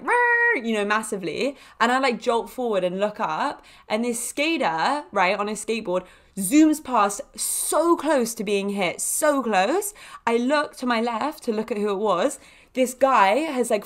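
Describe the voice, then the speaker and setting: A young woman talks through her week on her own podcast. She tells stories in a loose, animated way, full of little fillers and quick laughs. Her voice sits at an everyday middle pitch. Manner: chatty, animated, laughs often, many fillers. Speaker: podcast host. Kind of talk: casual storytelling monologue.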